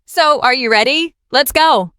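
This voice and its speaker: A woman teaching beginner English vocabulary, speaking slowly and clearly and repeating each word for learners to copy. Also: high voice, pushed and bright, no room sound, studio quality. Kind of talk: beginner language lesson.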